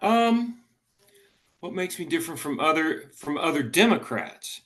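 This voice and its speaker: A man, a political candidate talking earnestly in a casual interview, often halting and restarting. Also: fairly high pitch, big pitch swings, a bit bright.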